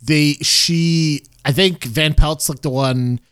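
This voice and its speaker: A man's voice: on the high side, fairly even intonation, takes it slowly, a bit bright, smooth. A man co-hosting a podcast, recapping a TV episode in rambling, filler-heavy casual chat. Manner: rambling, many fillers and restarts. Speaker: podcast co-host.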